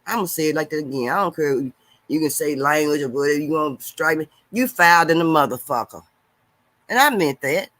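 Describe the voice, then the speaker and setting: A man talking on a casual live stream, reading viewer comments and preaching loudly, swinging between shouting and mumbling. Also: on the high side, fast.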